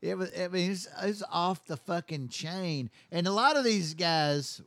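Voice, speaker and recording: A man's voice: high-pitched, unhurried, a bit bright, no echo. A man telling a long, rambling, profane story in casual chat. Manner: rambling, profane, many restarts.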